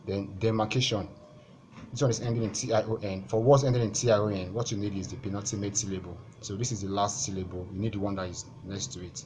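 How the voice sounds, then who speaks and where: A man with a fairly low voice talks learners through exam questions shown on screen. He is methodical, stating each rule and then repeating the key step so it sticks. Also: steady tone, quick pace, noisy background. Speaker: exam-prep tutor.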